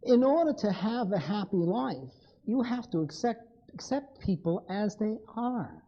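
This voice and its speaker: A man's voice: high voice, big pitch swings, unhurried, highs cut off. A man giving a live lecture, blunt and wry, speaking straight to his audience.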